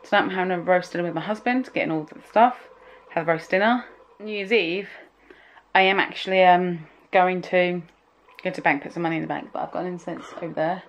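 A woman's voice: lowish voice, fairly quick. A young woman chatting casually at home for her vlog, rambling and emotional, often trailing off mid-thought. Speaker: vlogger.

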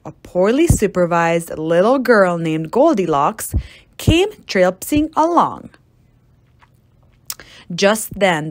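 A woman reading a children's story aloud, playful, with deadpan asides. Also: on the low side. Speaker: storybook reader.

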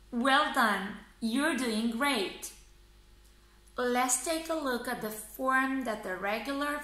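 A woman's voice: fairly high pitch, pushed and bright. A woman teaching pronunciation, saying each word twice and checking in with "yeah?". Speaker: English teacher. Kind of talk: slow, careful pronunciation lesson. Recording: echoey room.

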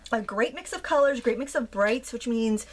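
A woman in her thirties unboxing and demonstrating art supplies, gushing and gasping with excitement, full of fillers. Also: fairly high pitch, moderate pace. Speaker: craft YouTuber.

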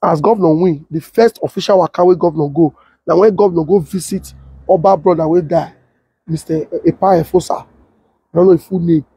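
A young adult man with a Nigerian Pidgin English accent, telling a story and acting out the voices of others in a husky tone. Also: a little fast, dry recording. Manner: switches to high excited voice when quoting others. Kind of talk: animated storytelling with acted-out quotes.

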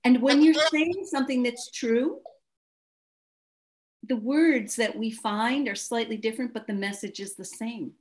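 A woman's voice: fairly high pitch, unhurried, darkish tone. Woman, talk show host, effusive, gushing praise, storytelling, casual chat.

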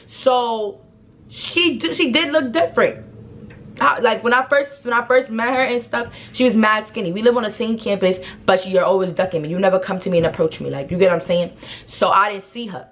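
A young woman telling a story in a casual, slangy, animated way, acting out what people said. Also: a little high, fairly quick. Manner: animated, slangy, acts out the quotes. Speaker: vlogger.

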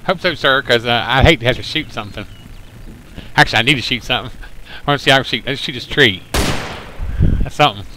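Bright, goofy young man gaming. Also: medium pitch, fast, long pauses, a little hiss or hum, low-quality recording. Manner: goofy, playful, sing-song silliness. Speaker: co-player. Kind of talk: casual gaming chat.

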